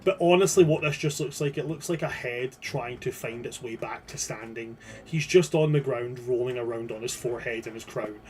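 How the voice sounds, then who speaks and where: A man's voice: mid-range voice, moderate pace, few pauses, a little mellow. A man playing a tabletop game, talking in a playful, rambling and self-mocking way. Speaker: player. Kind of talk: tabletop role-play banter.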